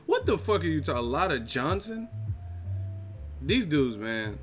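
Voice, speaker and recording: A man hosting a boxing live stream, reading chat comments and mocking them in a casual, profane, animated way. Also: mid-range voice, moderate pace, faint music behind.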